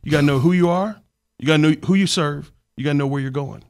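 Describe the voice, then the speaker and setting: A man doing a folksy old preacher's high sing-song drawl. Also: fast, smooth, close to an everyday voice. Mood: emphatic. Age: older. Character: folksy older male preacher mentor, upbeat and streetwise.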